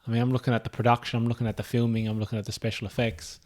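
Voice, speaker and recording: A man co-hosting a podcast in relaxed casual chat, laughing often and restarting his sentences. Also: mid-range voice, rapid-fire. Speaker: podcast co-host.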